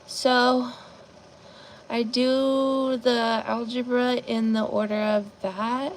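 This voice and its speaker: A woman's voice: on the high side, flat delivery, very slow, a little hiss or hum. A woman hosting a casual live chat, rambling and chatty, with lots of fillers, talking to her viewers. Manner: talks to her viewers as "guys". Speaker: live-stream host.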